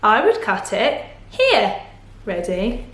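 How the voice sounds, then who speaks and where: A woman teaching phonics to young children in a slow, encouraging, sing-song manner, asking lots of questions. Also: mid-range voice, wildly swooping pitch, fairly bright tone, echoey room. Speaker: primary school teacher.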